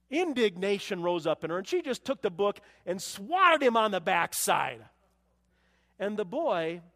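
High-voiced man preaching in a hall. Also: a bit bright. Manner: storytelling, quoting scripture, voices rising for emphasis. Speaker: pastor. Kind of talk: sermon.

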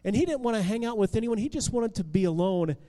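A man telling a Bible story dramatically, expressive and full of restarts and swings in loudness. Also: high-pitched, fast talker, long reverb tail, rough recording.

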